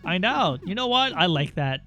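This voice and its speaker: High, bright-voiced excitable male streamer. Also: normal speed, soft background music. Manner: excitable, swears, reads game text aloud. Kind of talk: casual gameplay commentary.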